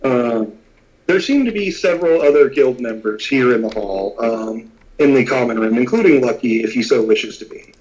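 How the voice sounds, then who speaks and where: Man, game master, halting narration, lots of uhs, tabletop game. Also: medium pitch, expressive, darkish tone, poor audio. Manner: halting, many filler words.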